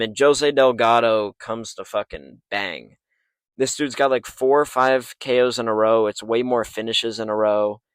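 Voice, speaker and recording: A man's voice: fairly low pitch, no echo. A man giving casual fight predictions in a profane, hyped, rambling way, recording late at night in a parking lot on a failing microphone. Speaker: MMA YouTuber.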